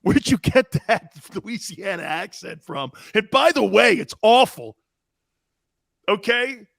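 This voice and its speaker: Loud animated sports talk host, man. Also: sits high, vocal fry. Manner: loud, animated, laughing, mimics accents. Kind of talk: live-stream sports talk, reading chat.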